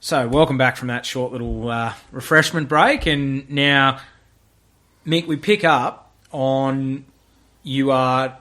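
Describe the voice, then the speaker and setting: Male podcast host, mid-pitched, relaxed interviewer. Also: slow. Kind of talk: casual interview.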